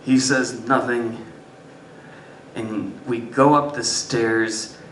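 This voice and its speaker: A man doing stand-up storytelling on a live stage, swinging between loud bursts and muttered asides. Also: medium pitch, steady tone, drawn-out words, far from the mic, a little hiss or hum. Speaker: stand-up comedian. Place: live music venue stage. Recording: roomy live club sound from afar. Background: audience laughter.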